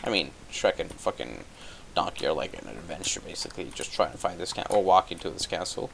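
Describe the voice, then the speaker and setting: A man's voice: low voice, animated, brisk, gravelly, a bit bright, slight background noise. A young man casually retelling a film plot while gaming, swearing constantly and stumbling over fillers. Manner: profane, offhand, hesitant with many fillers. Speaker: gameplay commentator.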